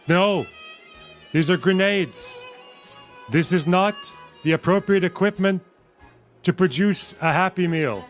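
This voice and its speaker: A man's voice: high-pitched, voice pushed up. A man doing a hammy army spokesman. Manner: over-the-top, dramatic reveals. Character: overexcited male army spokesman touring a weapons cache. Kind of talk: mocking parody bit.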